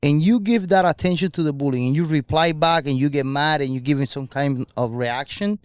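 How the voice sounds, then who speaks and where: A man in casual podcast chat speaking earnestly and clearing his throat between thoughts. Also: fairly high pitch, fairly quick, dry recording, clean studio sound.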